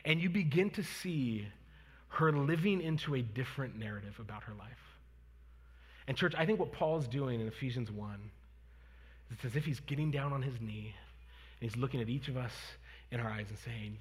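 Male pastor, 30s, earnest and conversational sermon, husky edge, long church-hall reverb. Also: mid-range voice, lively intonation, normal speed, fairly bright tone. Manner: earnest, conversational, with fillers and restarts. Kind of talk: sermon and prayer. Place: church sanctuary.

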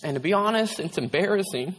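A man's voice: high voice, expressive, fairly quick, a bit bright, slightly rough. A male pastor preaching a candid, conversational sermon, sharing a personal story. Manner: candid, conversational, tearful at times, frequent "right?". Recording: long hall reverb.

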